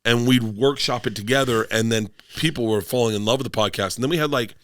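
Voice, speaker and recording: A man's voice: medium pitch, quick pace, fairly bright tone, no echo, clean studio sound. A middle-aged man from Florida, a comedian guest telling rambling stories in casual podcast chat and acting out quotes in bursts.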